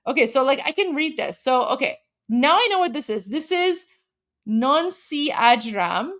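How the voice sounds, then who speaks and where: A woman's voice: high-pitched, expressive, fairly quick, fairly bright tone. Chatty woman livestream host. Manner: chatty, heavy use of "like" fillers; enthusiastic, gushing exclamations. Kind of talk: casual livestream chat.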